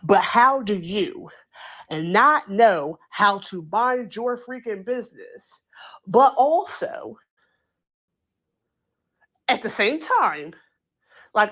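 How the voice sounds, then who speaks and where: A woman hosting a casual true crime chat, talking it through in an animated, incredulous way and acting out quotes, with plenty of filler words. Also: mid-range voice, slow, pauses often. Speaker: true crime channel host. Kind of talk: casual commentary.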